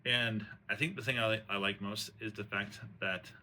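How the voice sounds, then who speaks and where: Lowish-voiced guy rambling through a story, slangy, lots of ums, bright tone. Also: normal speed, a little hiss or hum. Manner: relaxed, rambling, slangy, with fillers and restarts. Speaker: host retelling a play. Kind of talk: casual storytelling chat.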